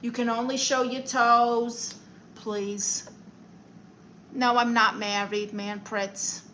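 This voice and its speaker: A woman's voice: fairly high pitch, little pitch movement, pushed and bright, slight background noise, low-quality recording. Sassy Brooklyn woman chatting on stream. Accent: New York. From Brooklyn, New York. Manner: sassy, playful, quick comebacks. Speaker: comedian live-streaming with viewers. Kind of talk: casual live-stream chat, reading viewer comments.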